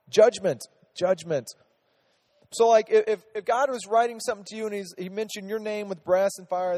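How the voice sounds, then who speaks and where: High, mellow-voiced man teaching Scripture. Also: long reverb tail. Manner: chatty, asks the group questions, many restarts. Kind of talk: casual Bible teaching.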